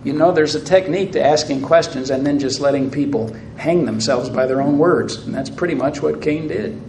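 A man preaching a sermon, speaking deliberately and posing rhetorical questions to his listeners, in a church hall. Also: a little high, a little mellow, a little hiss or hum. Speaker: pastor. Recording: roomy echo.

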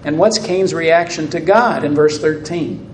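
A man with a high voice delivers a sermon at a slow, deliberate pace, stacking rhetorical questions one after another. His voice rings through a roomy church hall with a clear echo. A faint ambience sits behind him. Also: a little hiss or hum. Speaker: pastor.

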